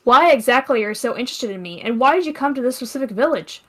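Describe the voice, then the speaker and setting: A woman's voice: high-pitched, animated, fast. A woman reading the lines of an eager, curious female unicorn in a story.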